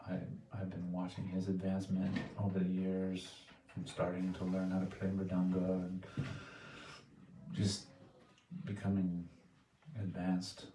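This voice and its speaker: Man, deep voice, earnest devotional sharing, halting speech, distant mic, echoey hall. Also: completely flat delivery. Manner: earnest, soft-spoken, halting with restarts. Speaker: devotee giving a spoken offering. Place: temple hall. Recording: echoey room, distant mic, faint noise.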